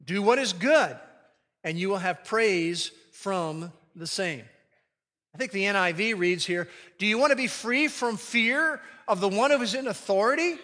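Bright-voiced male pastor preaching in a hall. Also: sits high. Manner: leads congregation in call-and-response recitation; emphatic, slows down to stress key phrases. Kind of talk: sermon.

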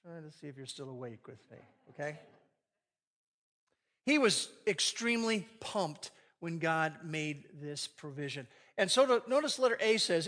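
Bright, high-voiced man teaching in a hall. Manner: lively, joking, reads scripture aloud. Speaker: Bible teacher leading a marriage class. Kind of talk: live sermon-style teaching to an audience. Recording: long reverb of a large hall.

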